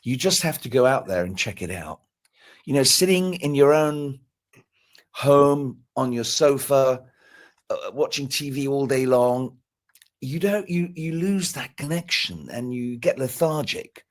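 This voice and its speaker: A man's voice: mid-range voice, measured pace. A man talking in a live stream conversation, earnest and motivational, often repeating words as he builds up. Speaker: guest speaker.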